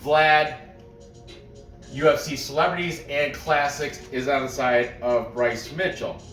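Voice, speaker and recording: A man's voice: mid-range voice, fairly even intonation, unhurried, fairly bright tone, reverberant, recorded from a distance, soft background music. A man hosting a casual podcast who rambles through fight picks, joking and laughing often. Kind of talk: casual chat.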